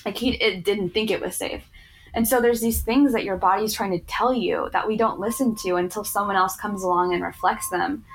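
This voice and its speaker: A woman's voice: medium pitch, fairly even intonation, moderate pace, slight background noise, poor audio. A woman in her thirties, a yoga teacher, earnestly telling stories from her work as an interview guest, with lots of "like" fillers. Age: 30s. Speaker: yoga teacher in addiction recovery. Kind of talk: personal storytelling in conversation.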